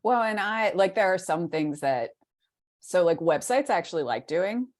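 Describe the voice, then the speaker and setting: Woman, podcast co-host, lowish voice, rambling, filler-heavy casual chat. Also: lively intonation, moderate pace.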